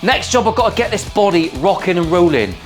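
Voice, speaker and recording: This West Country Englishman has a high voice with big pitch swings and talks a little fast. He hosts his guitar-building vlog from a home workshop, joking around and swearing freely.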